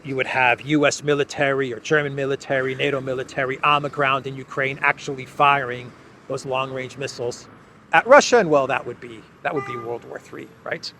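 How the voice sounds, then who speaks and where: A man hosting a political commentary show, speaking in a sardonic, halting way and chuckling often as he talks. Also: medium pitch, fairly bright tone, a little hiss or hum. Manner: halting, many restarts. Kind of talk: casual news commentary.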